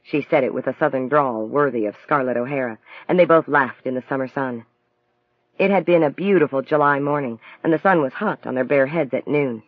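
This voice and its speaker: Male audiobook narrator, measured and even, dry and slightly dull sound. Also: medium pitch, no echo.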